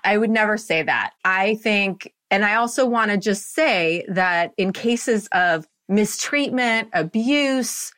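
A woman in her fifties, a life coach being interviewed, talking in an animated way with frequent laughs and "right?" checks. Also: medium pitch, slow, few pauses. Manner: animated, laughs often, says "right?" a lot. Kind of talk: conversational interview.

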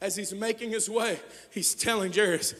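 High bright-voiced preacher in a reverberant hall. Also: male voice, steady tone, normal speed. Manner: swings from hushed to shouted preaching. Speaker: pastor. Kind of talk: sermon.

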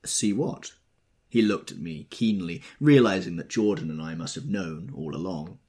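A man reading an audiobook in scripted narration, expressive and measured. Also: low voice, breathy edge.

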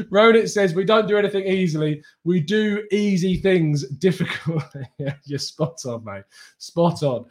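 Animated man hosting a football stream. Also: high-pitched, moderate pace. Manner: animated, laughs often, banters with viewers. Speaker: football channel host reading live chat. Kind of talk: casual live-stream chat.

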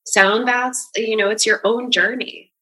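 A woman who runs sound baths and Pilates, talking in a relaxed conversation and giving earnest, flowing explanations. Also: fairly high pitch, a little slow, poor audio. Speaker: sound bath and Pilates practitioner. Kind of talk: casual conversation.

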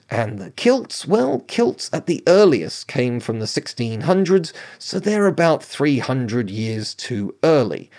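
A man giving casual history commentary, chatty and emphatic, with quick asides and frequent checks with the listener. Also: medium pitch, a little mellow.

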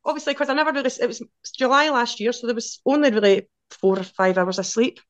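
A Glaswegian woman in her forties, a podcast guest telling casual, lively stories in quick run-on anecdotes. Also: a little high, no echo, muffled recording. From Scotland. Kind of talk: casual storytelling.

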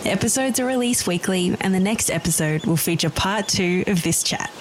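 A woman reading a scripted podcast outro in an even, read-out way. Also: mid-range voice, moderate pace, noisy background. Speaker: podcast announcer.

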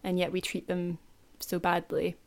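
A woman's voice: lowish voice, monotone, moderate pace, vocal fry. A woman co-hosting a casual podcast, talking with frequent ums and restarts. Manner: many ums and restarts, chatty. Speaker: podcast co-host.

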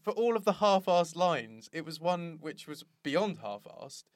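A man's voice: on the high side, sing-song, unhurried, no room sound, clean studio sound. A man, co-hosting a casual chat and retelling scenes with lots of laughter and swearing. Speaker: podcast co-host.

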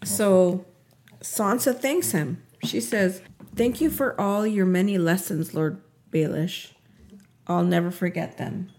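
A woman casually recapping a TV episode, retelling scenes in an animated way and acting out what the characters say. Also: fairly low pitch, takes it slowly. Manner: animated retelling, acts out quotes.

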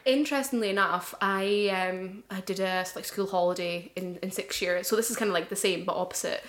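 A woman's voice: medium pitch, brisk. Laughing young Scottish woman. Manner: laughs often, animated storytelling. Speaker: podcast co-host. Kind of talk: casual chat.

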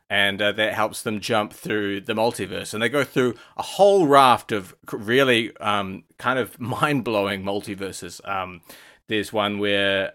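A man co-hosting a comedy podcast, riffing a silly story in a soft, hesitant, trailing way. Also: fairly low pitch. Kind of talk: improvised comic storytelling.

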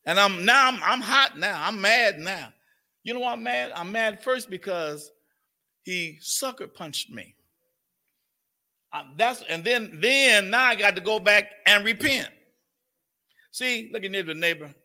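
A man's voice: high voice, expressive, a little slow, long pauses, sharp tone. A male pastor preaching a sermon with emphasis, often asking the congregation questions.

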